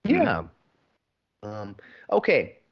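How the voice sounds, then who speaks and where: A man's voice: on the low side, wildly swooping pitch, very slow, breathy edge, no echo, muffled recording. A man hosting a casual podcast, running a trivia round with crude, playful banter. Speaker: podcast host, trivia quizmaster.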